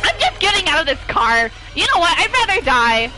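A woman giving live gaming commentary while playing with friends, excitable and panicky, laughing often. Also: very high voice, fairly quick, soft background music, rough recording. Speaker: gamer streaming with friends.

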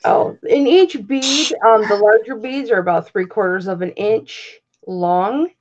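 A woman presenting jewelry on a live online auction, describing each piece in a slow, easygoing way. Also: mid-range voice, muffled recording. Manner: slow, easygoing show-and-tell. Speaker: jewelry seller presenting items.

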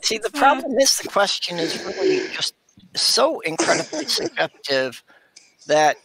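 A middle-aged woman on a casual chat panel, talking in a thoughtful, measured way. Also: medium pitch, sing-song, vocal fry, crowd noise, low-quality recording.

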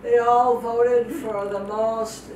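Slow, heartfelt older woman preaching. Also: on the high side, flat delivery, darkish tone. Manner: heartfelt and emotional, repeats phrases for emphasis. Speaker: guest speaker, missionary. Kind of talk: testimony sermon. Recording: echoey hall from far off, noisy.

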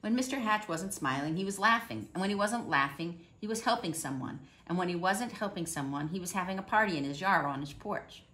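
A woman calmly reading a children's picture book aloud. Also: fairly low pitch, brisk, few pauses. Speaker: storybook reader.

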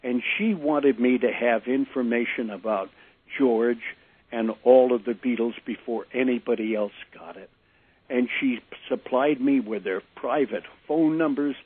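An older man, a former disc jockey, telling animated stories in an interview, acting out the people he quotes. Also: medium pitch, slightly rough, dry recording. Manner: animated anecdote teller, acts out quotes. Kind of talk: storytelling interview. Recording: tinny phone-line sound.

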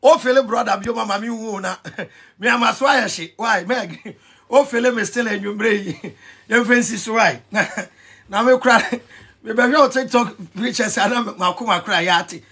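A Ghanaian man ranting in an animated vlog commentary, excitable and mixing pidgin with Twi. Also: sits high, normal speed, slightly rough. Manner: excitable, switching between pidgin and Twi, shouting and laughing. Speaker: vlogger.

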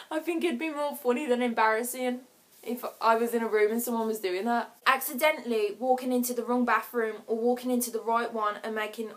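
A chatty woman vlogger talking straight to camera in a casual way. Her voice sits a little high, and she keeps breaking into giggles as she acts out short scenes with quick voices.

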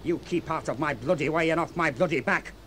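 A man's voice: on the high side, a little fast, fairly bright tone, a little hiss or hum, lightly acted. An actor playing a grudge-holding able seaman in a radio play, taunting and threatening a ship's officer.

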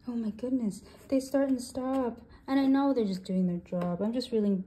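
A woman in her twenties, a budgeting channel host, counting cash aloud and thinking out loud as she sorts it. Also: on the high side, moderate pace, few pauses, slight background noise. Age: 20s. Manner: counts bills aloud in steady runs; thinks aloud, with soft hesitations.

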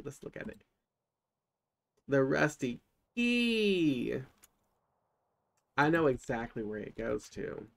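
A gaming channel host commentates his own gameplay casually, thinking aloud and exclaiming at what he discovers. His voice is mid-range with vocal fry. Game music plays in the background.

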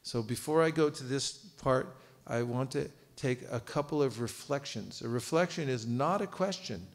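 A man's voice: medium pitch, normal speed. A man giving a live seminar lecture, quizzing his audience and cracking jokes. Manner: lively, quizzes audience, joking asides. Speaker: seminar teacher. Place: temple cultural hall.

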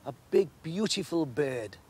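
A shy young girl, as a man reads her out, speaking faintly and softly, barely above a murmur. The voice is husky. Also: on the high side, lively intonation, unhurried. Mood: wistful. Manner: faint, soft-spoken.

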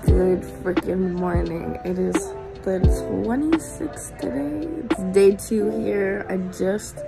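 A woman in her twenties talking casually to her phone camera, slangy and chatty, giving shout-outs. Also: mid-range voice, slow, gravelly, over loud music. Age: 20s. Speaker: vlogger. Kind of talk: casual vlog chat.

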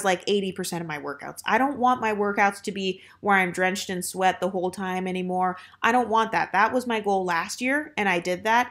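A woman in her thirties talking casually to listeners in a self-help monologue, chatty and unhurried, with many fillers and a girlfriend-to-girlfriend tone. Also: mid-range voice, a bit bright.

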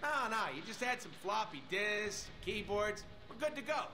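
A man's voice: high voice, expressive, moderate pace, background noise. An actor playing a wisecracking, goofy male mercenary antihero who jokes nonstop in self-aware banter. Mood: playful.

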